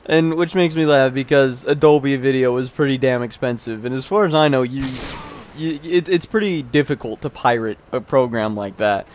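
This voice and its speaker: A young man in his twenties doing casual, rambling video game commentary, chatty and quick to laugh. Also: mid-range voice, darkish tone. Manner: rambling, chatty, laughs often, many restarts. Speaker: gameplay commentator.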